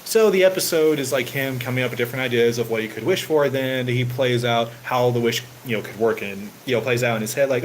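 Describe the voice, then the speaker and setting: A man's voice: medium pitch, fairly quick, a little hiss or hum, poor audio. A man hosting his own channel, chatting casually with viewers in a rambling way and leaning on "you know" fillers, livening up as he retells stories. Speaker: channel host. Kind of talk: casual livestream chat.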